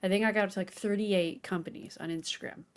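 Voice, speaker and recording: A woman's voice: medium pitch, fairly even intonation, fast. A woman co-hosting a casual gaming podcast, bubbly and giggly, telling a rambling story. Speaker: podcast co-host. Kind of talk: casual chat.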